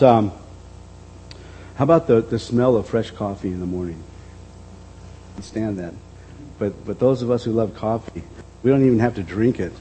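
A middle-aged man preaching a reflective sermon as a pastor, dropping to a soft voice and then lifting it again. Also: mid-range voice, husky, poor audio. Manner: reflective, speaks softly then lifts his voice.

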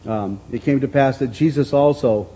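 Mellow, husky-voiced male preacher. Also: mid-range voice, poor audio. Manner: unhurried, repeats words while reading scripture aloud. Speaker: pastor. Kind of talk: sermon.

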